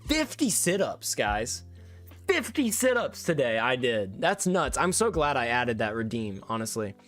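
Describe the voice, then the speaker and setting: A man's voice: mid-range voice, very animated, unhurried, a bit bright, faint music behind. A young man talking casually to his stream from his room at home, thanking viewers at length in a rambling, effusive way with many restarts. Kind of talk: casual livestream sign-off chat.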